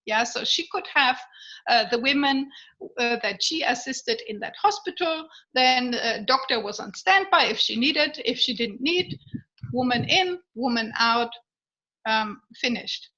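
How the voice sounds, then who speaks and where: A woman telling a personal story in a casual way, pausing often with fillers and restarts and laughing now and then. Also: high-pitched, lively intonation, pushed and bright. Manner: halting, with many fillers and restarts. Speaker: guest sharing a birth story. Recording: dull lo-fi audio.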